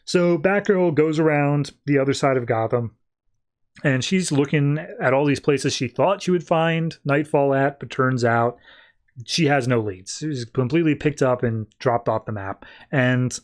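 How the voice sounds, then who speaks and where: A man with an ordinary mid-range voice hosts a podcast and walks through comic issues. His delivery is loose and conversational, full of "like" fillers and quick asides. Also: mid-range voice. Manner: loose, chatty, many "like" fillers. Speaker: podcast host. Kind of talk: casual comic book recap.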